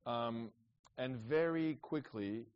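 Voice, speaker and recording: Animated and rambling, this evangelist guest shares stories casually, breaking off into asides and starting over frequently. He is middle-aged, a native French speaker, with a voice in the middle of the male range, captured on a somewhat dull, muffled recording.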